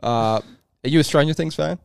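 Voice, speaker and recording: A man's voice: a little high, brisk, gravelly, clean tone. A man co-hosting a casual sports podcast, chatty and teasing, hedging his opinions. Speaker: podcast co-host.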